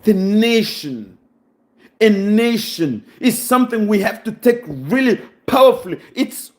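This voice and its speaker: A man's voice: high voice, sing-song, a little slow. A Congolese man giving an impassioned, preaching monologue, full of rhetorical questions and close to tears with emotion. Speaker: channel host.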